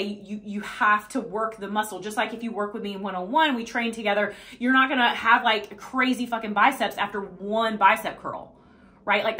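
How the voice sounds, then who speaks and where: This woman is a fitness coach in a casual motivational vlog, speaking at a medium pitch with a bright, forceful tone. She is blunt and profane, delivers her points emphatically, and keeps checking in with "okay?" and "right?"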